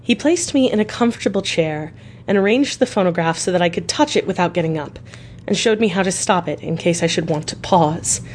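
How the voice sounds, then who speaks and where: Low-voiced woman reading an audiobook. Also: animated, fairly quick, slight background noise. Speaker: volunteer reader for a radio reading service. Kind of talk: audiobook narration.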